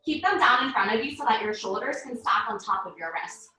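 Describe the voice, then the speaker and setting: A woman guides a live online yoga class, calmly cueing each breath and pose while slightly out of breath. Her voice is high and bright. It carries from a camera across an echoey room. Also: a little fast, distant mic. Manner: calm cueing, breath-paced instructions. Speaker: yoga teacher.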